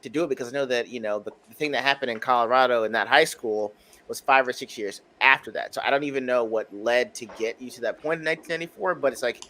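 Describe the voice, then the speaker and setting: A man in his thirties talks on a podcast over a video call, his voice bright and forward at an ordinary pitch. He thinks aloud, pausing and restarting as he works through his points. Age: 30s. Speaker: podcast co-host. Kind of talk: casual chat. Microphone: home mic on a video call.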